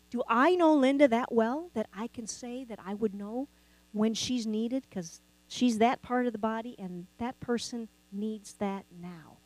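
A woman's voice: a little high, a little mellow, low-quality recording. A woman preaching a sermon, talking conversationally and asking the congregation rhetorical questions. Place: church sanctuary.

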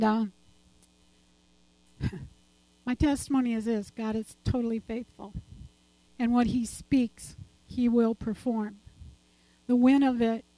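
A woman's voice: a little high, mellow, no echo, low-quality recording. An older woman giving a chatty, rambling church talk and personal testimony, laughing often as she goes.

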